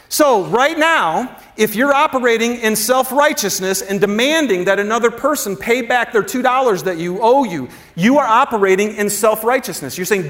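A male pastor preaching a sermon in a loose, conversational way. He throws questions at the congregation, uses slang, and drops suddenly to a hush. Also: high voice, moderate pace.

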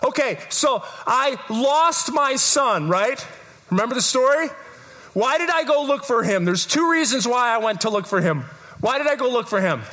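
A man preaching a live sermon to a congregation, emphatic and repetitive, building to shouts. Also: very high voice, big pitch swings, normal speed. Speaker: pastor. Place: church service, in front of a congregation.

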